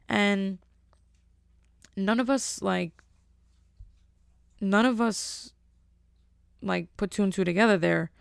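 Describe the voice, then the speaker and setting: A woman hosting a podcast, telling a long rambling story in a casual, animated way. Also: medium pitch, slow pace, gravelly, pauses often, clean tone, no echo, studio quality. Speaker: podcast host.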